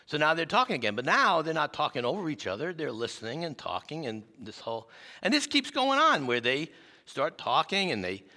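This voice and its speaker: A male pastor preaching with lively, self-deprecating stories. His bright voice swings up and down in pitch. Long reverb fills the church sanctuary. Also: fairly quick. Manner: animated, self-deprecating storyteller. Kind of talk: sermon with personal storytelling.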